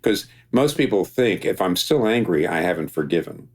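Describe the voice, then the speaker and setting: Deep-voiced pastor thinking aloud. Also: male voice, lively intonation, normal speed, slight background noise. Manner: thinking aloud, many restarts, gentle humor. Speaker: pastor and interview guest. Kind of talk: reflective interview conversation.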